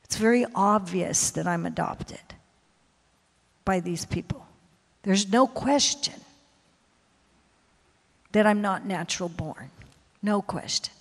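A woman missionary preacher telling a confessional story in a sermon, swinging from hushed to loud. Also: medium pitch, takes it slowly, gravelly, pauses often. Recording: long hall reverb.

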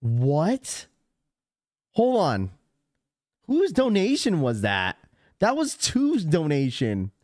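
A man's voice: on the high side, huge pitch swings, slow pace, long pauses, darkish tone. A man hosting a live stream, talking casually and rambling to his chat. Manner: rambling, chatty, talks straight to chat. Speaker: livestream host.

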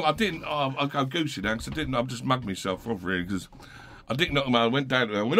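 A man's voice: mid-range voice, animated, fast talker, few pauses, fairly bright tone. A middle-aged man, a podcast guest telling a rowdy, swearing anecdote and acting out the other people's voices. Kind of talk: storytelling anecdote.

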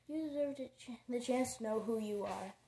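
Storybook figure: woman voicing a mischievous elderly schoolmaster, mellow and musing. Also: fairly high pitch, normal speed, a little hiss or hum, lightly acted. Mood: sly. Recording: roomy echo.

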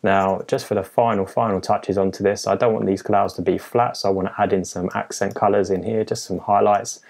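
A man walking through a digital illustration step by step in a relaxed, methodical tutorial voice-over, with frequent pauses and filler sounds. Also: on the low side, gravelly. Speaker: illustrator teaching a design tutorial. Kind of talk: screen-recorded software tutorial narration.

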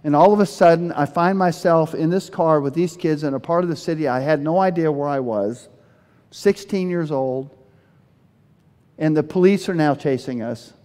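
A man preaching a sermon as pastor, telling Bible stories in an animated way and acting out the speakers he quotes. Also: on the high side, moderate pace. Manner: animated storytelling, voices quoted speakers with bursts of energy. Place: church sanctuary. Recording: long hall reverb.

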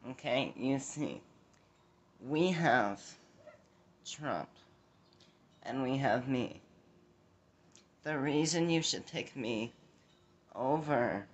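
A man impersonating a rambling, scattered woman politician at a debate, who keeps repeating "okay?". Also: mid-range voice. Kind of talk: comedic impression sketch.

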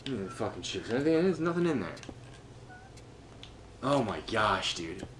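Frustrated swearing man, lively voice. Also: brisk, noisy background. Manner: frustrated, swearing constantly, talking to himself; lively pitch, swings between muttering and yelling. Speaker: gameplay streamer. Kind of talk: live gameplay commentary.

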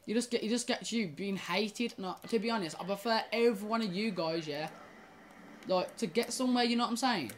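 A young woman chats casually to her audience while she plays. She stumbles and restarts sentences and curses at the game. Her voice sits at a middle pitch, with faint background noise. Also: a little fast. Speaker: gaming YouTuber. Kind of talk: casual gaming commentary.

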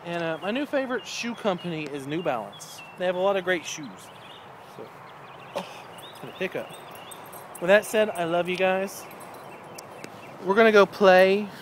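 A man's voice: sits high, expressive, moderate pace, pauses often, background noise. A man vlogging outdoors in his yard at night, chatting in a loose, rambling, friendly way. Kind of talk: casual vlog chat.

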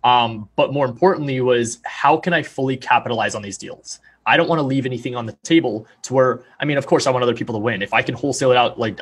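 A young man talks fast and sure of himself, laying out figures in a salesy pitch. His voice is a touch husky, and the pace rarely lets up through a podcast interview. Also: fairly bright tone. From Arizona, USA. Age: young adult. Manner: fast, confident, salesy explaining. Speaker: real estate agent, guest.

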